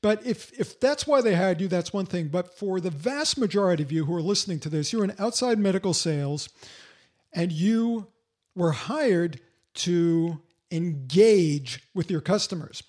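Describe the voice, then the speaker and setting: Older male sales coach, blunt and emphatic, higher-pitched delivery. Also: animated, normal speed, a little mellow. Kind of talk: podcast monologue.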